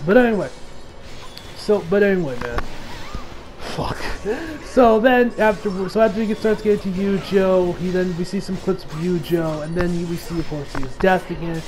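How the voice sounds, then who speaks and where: Excitable high-voiced man recapping anime. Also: normal speed, rough recording. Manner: excitable, swears freely, laughs often. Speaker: anime reviewer. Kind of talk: casual episode recap.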